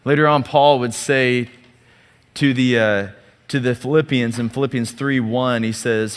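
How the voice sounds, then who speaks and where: A man's voice: medium pitch, fairly even intonation, unhurried, smooth, in a large hall. A man preaching a sermon as pastor, talking conversationally with rhetorical questions and calls for the congregation to answer. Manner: conversational, rhetorical questions, audience call-and-response.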